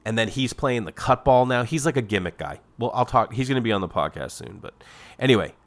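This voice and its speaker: A man's voice: medium pitch, brisk. A middle-aged man, hosting a podcast in a comedic, casual monologue that jumps into exaggerated voices. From Massachusetts. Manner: animated storytelling with exaggerated quoted voices. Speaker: podcast host.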